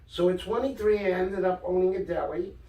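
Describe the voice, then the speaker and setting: Older New man, high voice, animated storyteller, off-mic in an echoey room. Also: brisk, far from the mic. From Brooklyn, New York. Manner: animated storyteller, acts out quoted dialogue. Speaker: guest author. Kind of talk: casual storytelling interview.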